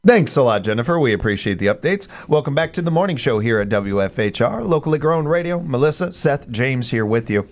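A man's voice: medium pitch, lively intonation, a little fast, few pauses. A man hosting a morning radio show, chatty and jokey in casual banter.

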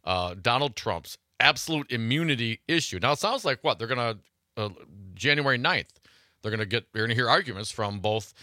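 A man co-hosting a call-in talk radio show, chatty and quick to laugh, cutting in on callers. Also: mid-range voice, lively intonation, pushed and bright, dry recording, clean studio sound.

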